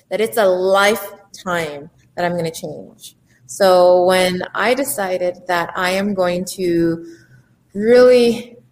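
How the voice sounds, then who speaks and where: A woman speaking as a life coach and entrepreneur, giving an emphatic motivational talk and acting out the voices in people's heads. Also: medium pitch. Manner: animated, emphatic, acts out inner voices.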